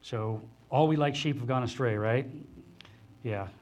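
A man preaching a sermon to a congregation in a conversational, animated way, often acting out the voices of others. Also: unhurried. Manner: animated, acts out the disciples' voices in higher pitch; conversational, with restarts and asides to the congregation. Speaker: pastor. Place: church hall before a congregation.

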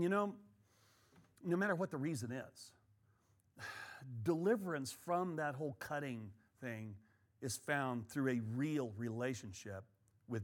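Animated man teaching a Bible study. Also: fairly high pitch. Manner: conversational and animated, many fillers and repeated words.

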